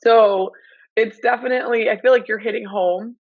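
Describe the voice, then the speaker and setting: Giggly gravelly woman, dull lo-fi sound. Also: on the high side, steady tone, normal speed, no echo. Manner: giggly, chatty. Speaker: podcast co-host. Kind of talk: casual podcast chat.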